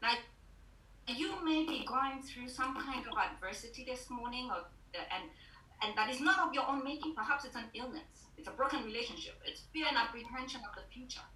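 A woman's voice: on the high side, a little fast, bright, forceful tone. A woman Bible teacher giving an online sermon on a video call, earnest and putting direct questions to her listeners. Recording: roomy, distant mic.

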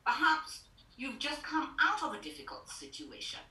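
A woman's voice: sits high, sing-song, normal speed, sharp tone. A woman Bible teacher giving an online sermon on a video call, earnest and putting direct questions to her listeners. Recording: roomy, distant mic.

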